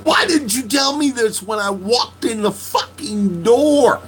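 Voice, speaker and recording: A man's voice: very high-pitched, lively intonation, a little slow, a little hiss or hum, poor audio. A man telling a story in a casual podcast monologue, profane and laughing, venting his emotions. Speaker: podcast host.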